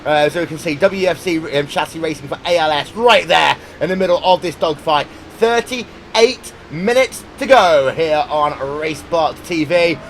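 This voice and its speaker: A man doing live sim racing commentary, brisk and jokey, on a headset mic. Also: fairly high pitch, a bit bright, a little hiss or hum. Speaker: race commentator.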